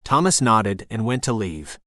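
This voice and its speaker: A man narrating a first-person novel as an audiobook in a steady storytelling voice. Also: on the low side, unhurried, dry recording, clean studio sound.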